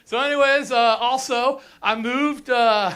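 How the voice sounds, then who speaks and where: A man's voice: very high-pitched, steady tone, unhurried, bright, forceful tone, smooth. A young man from Colorado doing a crude stand-up comedy set on a theater stage, ranting and mimicking whiny locals.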